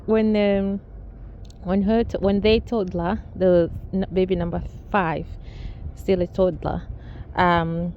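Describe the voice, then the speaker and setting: A woman's voice: lowish voice, flat delivery, slow, muffled recording, slight background noise. A woman telling a casual family story, rambling with restarts and amused asides. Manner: rambling, many restarts and fillers, laughs at own story.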